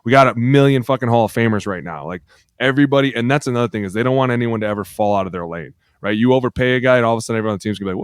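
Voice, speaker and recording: A man talking fast and loose on a podcast, trading rowdy, profane stories and acting out every voice in them. His voice sits a bit low, and the sound is close and dry with no room around it. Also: clean tone, dry recording. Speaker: podcast co-host, former football lineman. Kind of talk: casual podcast chat.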